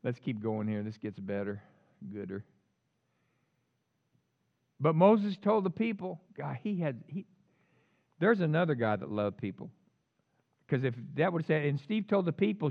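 A man preaching a sermon, swinging between loud emphatic lines and quiet asides. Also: fairly high pitch, sing-song, measured pace, vocal fry, pauses often, dull audio. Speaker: pastor.

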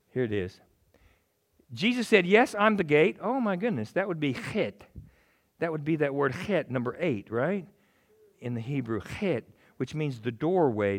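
A middle-aged male pastor preaching a sermon in an animated, joking way, acting out little voices. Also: medium pitch. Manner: animated, jokey, acts out voices.

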